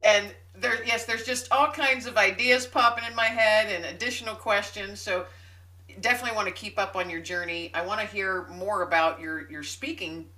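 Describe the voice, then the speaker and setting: A middle-aged woman hosting a podcast interview, playful and quick to laugh in casual chat. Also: medium pitch, bright, forceful tone. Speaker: podcast host.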